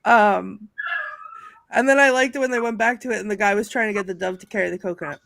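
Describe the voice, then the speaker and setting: A woman's voice: medium pitch, fast, gravelly, no room sound. A woman in casual chat on a movie panel, laughing often and reading aloud from her notes. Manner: giggly, animated, reads out notes.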